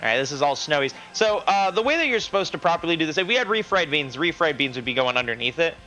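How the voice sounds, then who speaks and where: Male streamer, slightly high, bright voice, rambling kitchen chat, laughs a lot. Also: expressive, quick pace, soft background music, poor audio. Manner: rambling, laughs often, frequent restarts. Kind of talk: casual cooking stream chat. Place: home kitchen.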